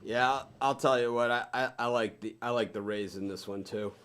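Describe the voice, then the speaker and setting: A man's voice: mid-range voice, steady tone, normal speed, a bit bright, clear, resonant tone. A man hosting a sports betting chat show, talking casually, laughing often and rambling between picks.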